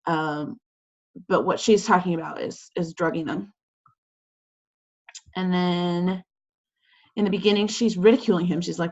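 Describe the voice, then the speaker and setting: A woman teacher explains quiz answers to her class in a loose, chatty way, full of fillers and little acted-out lines. Her voice sits fairly low and has a gravelly edge. The audio comes through a video call and sounds dull and lo-fi. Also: fairly even intonation, unhurried, pauses often, darkish tone. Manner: chatty, filler-heavy, acts out quotes. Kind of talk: casual lesson over video call.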